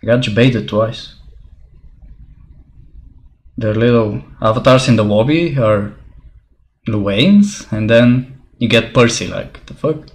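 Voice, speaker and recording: A man's voice: medium pitch, slow, long pauses. A man streaming a fighting game, muttering reactions, swearing and laughing at his own mistakes as he plays. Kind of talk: casual gameplay commentary. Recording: game music under the voice. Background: game music.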